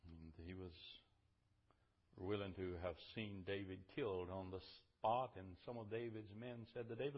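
A man's voice: fairly low pitch, steady tone, moderate pace, muffled recording. A man preaching a sermon, retelling scripture in a conversational way and building to fervent emphasis.

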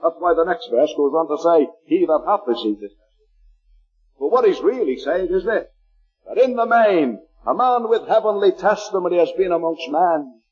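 A man from Liverpool, England, with a Liverpool accent, preaching a fervent sermon and slowing down to read scripture aloud. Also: a little high, animated, darkish tone, breathy edge, muffled recording.

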